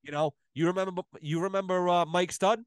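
A man's voice: high voice, steady tone, brisk, clear, resonant tone, no echo. A man telling stories in a casual podcast chat, profane and emphatic. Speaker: podcast guest, plumber.

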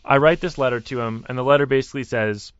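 A young man telling a personal story as a caller, earnest and halting, acting out what others said. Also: medium pitch, clean tone, no echo. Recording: dry, muffled lo-fi line.

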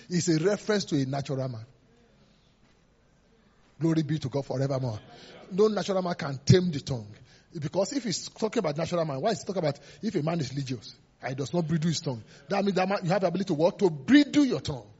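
A pastor preaches a sermon in an emphatic, repetitive style, sometimes laughing and acting out voices. His voice is fairly high with a darkish tone, captured in a dull lo-fi recording.

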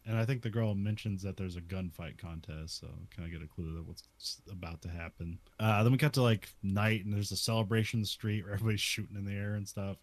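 A man's voice: fairly low pitch, fast, hardly any pauses, dry recording. Laughing man recapping a movie, chatty. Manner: laughs often, many "like" fillers. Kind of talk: casual chat recapping a movie.

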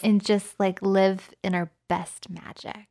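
A woman's voice: mid-range voice, little pitch movement, takes it slowly, dark tone. A woman co-hosting a podcast in casual chat, a playful, jokey storyteller who breaks into mock accents. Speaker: podcast co-host.

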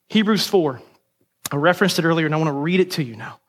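A man's voice: fairly high pitch, expressive, quick pace. Emphatic male pastor preaching. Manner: emphatic, punchy preaching with rhetorical questions. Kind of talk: sermon.

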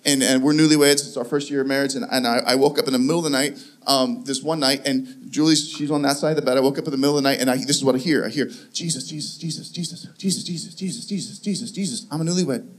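A male pastor preaching a sermon, telling stories with lively acted-out voices and frequent laughs. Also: medium pitch, racing. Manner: animated storytelling, acts out voices, laughs often.

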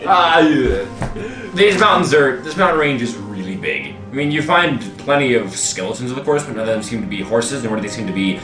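A man running a tabletop game as game master, narrating in a relaxed, rambling way with many fillers. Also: mid-range voice, brisk, recorded from a distance. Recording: echoey room, off-mic, faint music.

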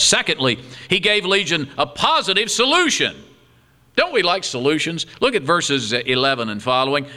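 A man preaching a sermon, reading scripture aloud and adding humorous asides. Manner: animated preaching with wide swings in pitch and loudness. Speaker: pastor.

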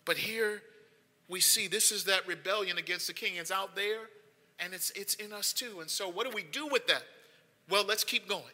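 Pastor, male, piercingly bright tone, conversational sermon building to emphatic repeats, reverberant sanctuary. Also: sits high, moderate pace. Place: church sanctuary. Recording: long hall reverb.

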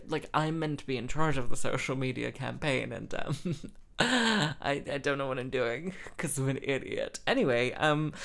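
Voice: mid-range voice, fairly bright tone. Young adult, casual chat, rambling, self-deprecating, lots of fillers. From English Midlands. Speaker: host.

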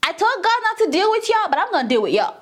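Moses, a bold male prophet, pleads his case in an emphatic, high voice that jumps up and down, as a woman teaching scripture puts him on. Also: very animated, fast. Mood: fed up.

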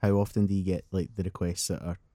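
Low-voiced teasing man. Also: flat delivery, fast talker, dark tone, dry recording, clean studio sound. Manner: teasing, asking long winding questions. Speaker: podcast co-host. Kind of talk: casual podcast banter.

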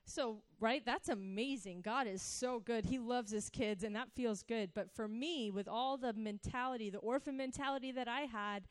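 Animated woman telling a testimony, dry sound. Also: fairly high pitch, moderate pace, few pauses, smooth, no echo. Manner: animated storytelling, acting out her past self. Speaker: speaker giving a testimony. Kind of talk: sermon-style personal testimony.

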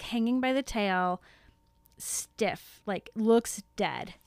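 A woman's voice: a little high, clean tone, no room sound. A young woman co-hosting a podcast, recapping a book chapter in casual chat with lots of giggles and "like". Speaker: podcast co-host.

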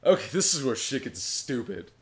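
A man co-hosting a podcast, with a low voice, recapping a story in a rambling, profane casual chat. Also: very animated, normal speed, slight background noise. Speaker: podcast co-host.

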